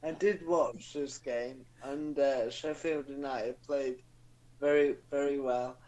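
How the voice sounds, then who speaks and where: A man co-hosting a casual football chat show, hesitant with many pauses and blunt opinions. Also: medium pitch, steady tone, darkish tone, low-quality recording. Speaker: podcast co-host.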